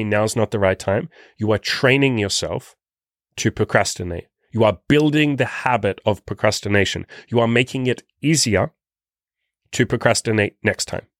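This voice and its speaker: A man's voice: lowish voice, no echo, studio quality. A young adult man coaching self-improvement in a blunt, profane, pushy monologue. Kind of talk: motivational monologue.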